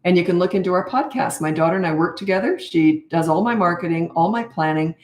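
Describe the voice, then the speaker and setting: A parenting coach in her fifties talks fast in a fairly low voice while answering live-stream questions, calm and plain-spoken, at times mimicking a firm, steady parent. The audio is reverberant.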